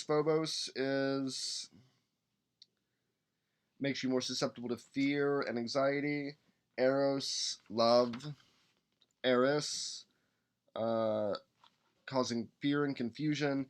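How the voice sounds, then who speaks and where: A man in casual live-stream chat, upbeat and rambling, with a voice of ordinary middle pitch. He reads rules text aloud between quick asides and hums under his breath while searching. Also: steady tone, clear, resonant tone. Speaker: podcast host building a game character.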